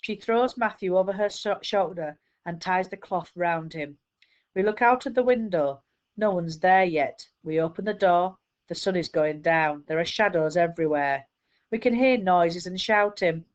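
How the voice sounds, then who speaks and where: A woman teacher reads a children's book aloud, steady and clear. Her voice sits somewhat low. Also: moderate pace, muffled recording.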